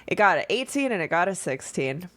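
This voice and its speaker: A woman's voice: fairly low pitch, sing-song, fairly quick, a bit bright. A woman narrating a tabletop game as game master, casual and swearing freely.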